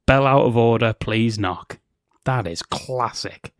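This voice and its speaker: A man co-hosting a podcast, retelling film scenes in casual chat and slipping into quick character impressions, laughing often. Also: medium pitch, no room sound, clean studio sound. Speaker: podcast co-host.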